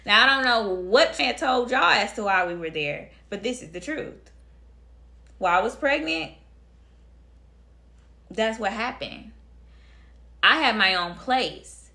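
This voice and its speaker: A woman's voice: medium pitch, animated, a little slow, pauses often, pushed and bright. A young woman telling a personal story to her viewers in a blunt, emphatic way, repeating phrases for effect. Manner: addresses viewers directly. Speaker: storytime vlogger. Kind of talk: casual storytelling to camera.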